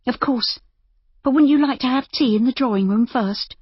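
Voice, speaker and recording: A woman narrator voicing Judy, an anxious, caring young woman who coaxes and pleads gently. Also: high voice, moderate pace, slightly rough, no echo, highs cut off, pitched above the performer's own voice. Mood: coaxing.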